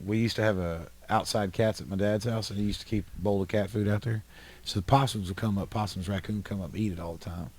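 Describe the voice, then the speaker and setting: A man from upstate New York, hosting a podcast and telling animated, profane stories in casual chat. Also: lowish voice, fast talker, husky. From Highland, New York. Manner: animated storyteller, swears freely. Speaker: podcast host.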